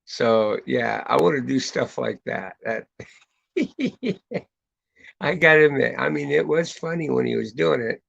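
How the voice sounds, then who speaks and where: A man's voice: medium pitch, lively intonation, unhurried, gravelly, a bit bright, dry recording. A man hosting a show in casual chat, chatty and crude, swearing freely. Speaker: host. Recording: dull lo-fi dry recording.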